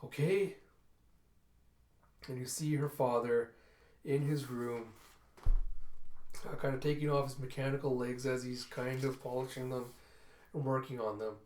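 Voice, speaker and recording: A man's voice: mid-range voice, flat delivery, unhurried, pauses often, darkish tone. A man narrates a comic book readthrough in a casual, chatty way, with fillers and asides. His voice is mid-range and the room echoes around him.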